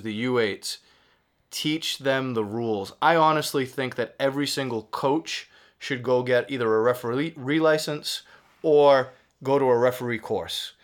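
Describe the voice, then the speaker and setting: A man with a Boston accent, co-hosting a soccer talk show and coaching youth soccer, chatting casually with lots of fillers and restarts. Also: medium pitch. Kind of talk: casual sports chat.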